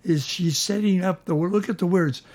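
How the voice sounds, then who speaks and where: An older man hosting a casual chat, explaining hymn harmony with enthusiasm, sometimes slowing down for emphasis and humming bits of melody. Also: high voice, darkish tone. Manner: enthusiastic, sings melody fragments, slows for emphasis. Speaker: host, music teacher.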